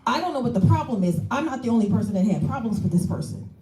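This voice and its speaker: A woman's voice: on the high side, expressive, fast talker, warm tone. Aggrieved woman at a council podium. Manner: earnest, aggrieved, repeats herself. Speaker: public commenter at a city council meeting. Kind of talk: public comment. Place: city council chamber. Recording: echoey council chamber.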